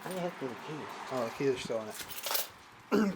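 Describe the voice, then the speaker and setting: A man's voice: mid-range voice, big pitch swings, moderate pace, pauses often. A young man casually thinking aloud as he works on his car, narrating for his vlog. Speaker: car vlogger. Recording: loud car engine noise behind.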